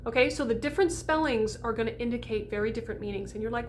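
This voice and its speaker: A chatty woman teaching diction to singers, her voice sitting a little high. She keeps checking in with the listener, and a faint hum of room noise runs underneath. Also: quick pace, few pauses. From United States. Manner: chatty, often checks in with "okay?". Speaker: voice coach. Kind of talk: diction lesson to camera.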